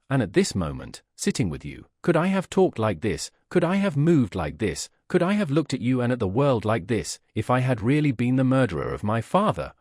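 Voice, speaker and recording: A man's voice: medium pitch, a little mellow, no room sound, studio quality. A man reading the part of a proud, desperate accused man who bursts out in impassioned protests.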